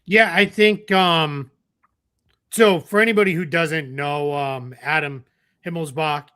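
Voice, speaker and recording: Bright-voiced chatty male podcast host. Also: on the high side, takes it slowly, smooth. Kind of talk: casual podcast chat.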